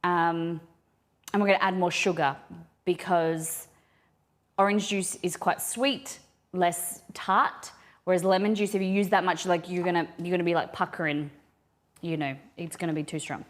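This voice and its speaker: A woman's voice: on the low side, fairly even intonation, moderate pace. A woman streaming a live cooking session, thinking aloud and rambling with many restarts as she works in a home kitchen. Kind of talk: casual live cooking chat.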